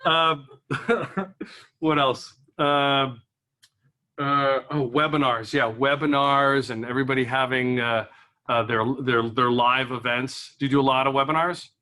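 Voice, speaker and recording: A man's voice: medium pitch, steady tone, unhurried, pushed and bright. A man doing stand-up comedy at an office event. He rambles in a chatty way and laughs at his own jokes.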